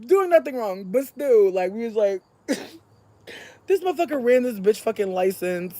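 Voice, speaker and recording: A young adult hosts a podcast and tells a long story in a casual, profane way. The voice sits at a middle pitch and swoops widely, dropping soft and then climbing to shouts. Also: sing-song, normal speed, dry recording.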